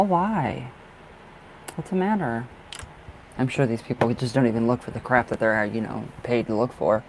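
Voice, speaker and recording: A young man chatting through a casual live tarot stream from a dark room at home, apologizing often, trailing off, and laughing to himself. His voice sits at an ordinary pitch, and a faint noise stays under everything. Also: poor audio. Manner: chatty, easily distracted, frequent apologies and laughs. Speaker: livestream tarot reader.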